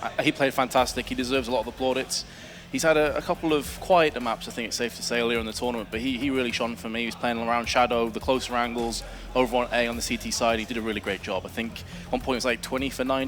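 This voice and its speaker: A man's voice: medium pitch, fairly even intonation, quick pace, fairly bright tone, soft background music. A man giving direct analysis of individual players as an esports panelist. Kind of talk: fast studio analysis chat.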